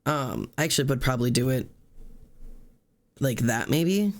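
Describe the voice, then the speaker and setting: A man's voice: mid-range voice, animated, normal speed. A man streaming live, chatting casually while he sketches tattoo ideas, rambling with many fillers and the odd curse. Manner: rambling, full of fillers and swearing. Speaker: livestreamer.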